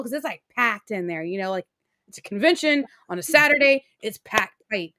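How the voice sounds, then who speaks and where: A young adult woman co-hosting a podcast, telling a story in an animated, excitable way and laughing often. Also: high-pitched, normal speed, no echo, studio quality. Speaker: co-host. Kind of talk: casual storytelling chat.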